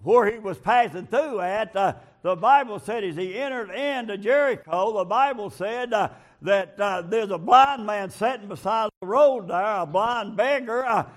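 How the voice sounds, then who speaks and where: A man preaching a sermon, leaning on a filler before each phrase and building up to shouting. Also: high-pitched, moderate pace, few pauses.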